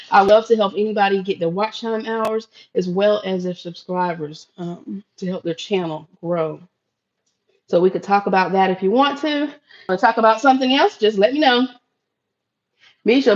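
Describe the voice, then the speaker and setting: Recorded with lo-fi sound, this middle-aged Floridian woman has a mid-range voice. She talks casually to her live-stream audience as she cooks at home, addressing them as y'all.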